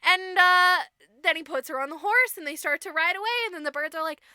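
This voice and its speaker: Woman podcast co-host, very high, sharp voice, profane comic storyteller. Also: no echo, studio quality. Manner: profane, acts out characters in quick voices. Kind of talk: casual comedic storytelling.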